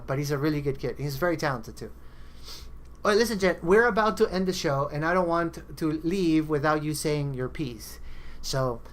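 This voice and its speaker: A man hosting a podcast, talking bluntly and chattily, laughing easily. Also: a little high. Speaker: podcast host. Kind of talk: casual chat.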